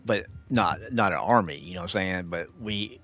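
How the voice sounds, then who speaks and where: Deep-voiced man lecturing listeners. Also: lively intonation, normal speed, a bit bright, lo-fi sound. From United States. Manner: preachy and lecturing, calls listeners dude and y'all. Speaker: gaming streamer. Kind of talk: casual ranting monologue.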